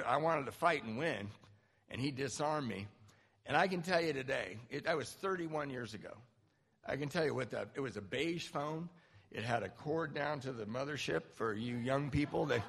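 A man in his fifties from Southern California, speaking at a recovery meeting and telling a personal story in an animated, self-mocking way. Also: on the high side, husky. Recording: reverberant hall.

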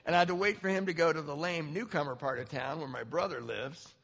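Brief: fifties man, gravelly and husky, self-mocking storyteller at a recovery meeting, reverberant hall. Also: a little high, fast talker. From Southern California, US. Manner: animated, self-mocking, laughs often. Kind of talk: personal storytelling talk.

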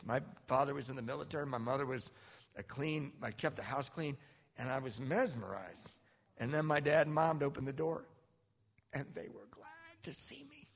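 A middle-aged man giving a personal recovery testimony, animated storytelling with acted-out quotes. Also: fairly high pitch. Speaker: speaker sharing a recovery story. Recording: long hall reverb.

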